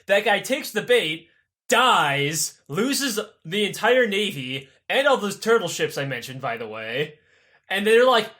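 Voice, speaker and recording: A man's voice: high voice, big pitch swings, unhurried, bright, forceful tone. A man co-hosting a podcast, retelling history in an irreverent, profane and rambling comedic way. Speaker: podcast co-host.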